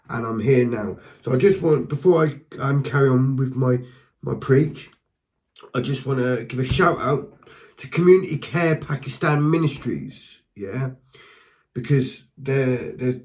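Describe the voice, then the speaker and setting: A man's voice: mid-range voice, a little mellow, poor audio. A man preaching and giving a passionate spoken testimony, talking directly to listeners with fervour, often repeating and restarting words. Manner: speaks to the listener directly with encouragement. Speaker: lay preacher.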